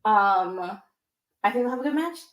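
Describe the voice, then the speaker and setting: A woman's voice: mid-range voice, animated, normal speed, reverberant, low-quality recording. A woman co-hosting a wrestling podcast, chatting casually and rambling through restarts and fillers. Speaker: podcast co-host.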